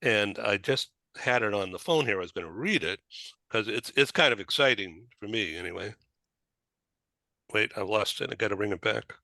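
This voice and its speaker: A man hosting a talk show in a loose, rambling way, with a Boston accent. His voice is bright and forward, and it sounds dry and close to the mic with no room echo. He talks at a middle pitch and restarts his sentences often. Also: lively intonation, normal speed, gravelly. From Boston area, USA. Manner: rambling, chatty, many restarts. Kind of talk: casual chat.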